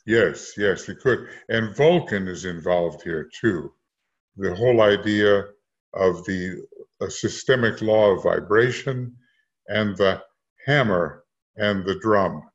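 A man with a lowish voice talks slowly and haltingly, full of pauses and fillers, as he leads a group discussion. The sound is muffled and lo-fi. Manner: slow, halting, many fillers. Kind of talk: casual esoteric discussion.

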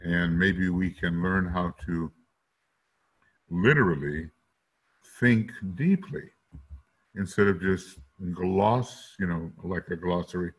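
With a low voice roughened by the morning, a teacher works through his lecture at a slow, deliberate pace. He sometimes sings note syllables to illustrate what he means.

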